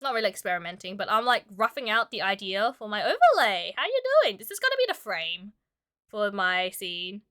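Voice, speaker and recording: A woman's voice: mid-range voice, very animated, fairly quick, sharp tone, clean tone. A woman streamer chatting casually with her audience while drawing, giggly and full of filler words, sick and coughing now and then. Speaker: streamer and illustrator.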